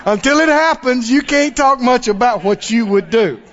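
High-voiced preacher guy, swoops all over, laughs a lot, dull lo-fi audio. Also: moderate pace, slight background noise. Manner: animated, emphatic, laughs often. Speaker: pastor. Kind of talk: sermon. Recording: dull lo-fi recording.

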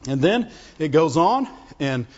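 A man preaching a sermon, lively and emphatic, climbing high when he voices God. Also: unhurried, in a large hall, muffled recording.

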